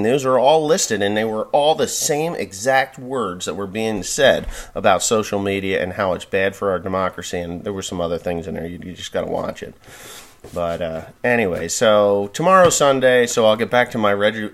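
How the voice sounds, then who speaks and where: A man's voice: lowish voice, moderate pace. A man from New Jersey hosting a farm podcast, telling a rambling story in a casual monologue.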